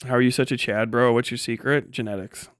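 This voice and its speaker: A man's voice: medium pitch, steady tone, a little fast, fairly bright tone, dry recording, studio quality. A man talking casually on a livestream, rambling and swearing, often laughing and trailing off. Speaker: live streamer.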